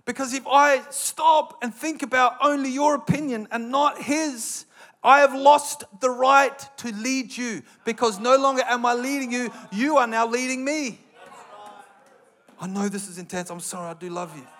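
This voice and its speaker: An Australian man preaching a sermon with passion, building to loud, emphatic bursts. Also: extremely high pitch, normal speed.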